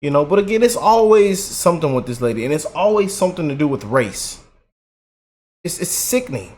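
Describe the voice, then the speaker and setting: A man's voice: on the high side, brisk. Guy ranting on his reaction vlog, mocking, emphatic, keeps repeating stuff. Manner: animated, mocking, emphatic with repetitions. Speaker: YouTube commentator.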